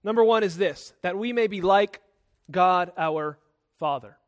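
A young pastor with a high voice preaches a sermon a little slowly, driving his points home emphatically. He swings between loud, forceful lines and softer ones, and often repeats a word when restarting a sentence.

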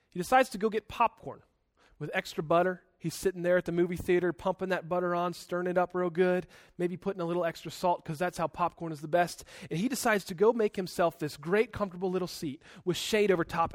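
A man preaching a sermon in an emphatic, conversational way, with big swings in loudness. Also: high voice, no room sound, studio quality. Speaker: pastor.

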